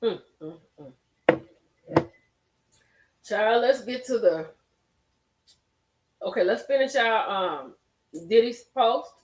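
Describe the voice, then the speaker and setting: A woman's voice: a little high, animated, slow, long pauses, a little hiss or hum. A woman hosting a casual live stream, reacting expressively and talking straight to her chat. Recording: roomy echo.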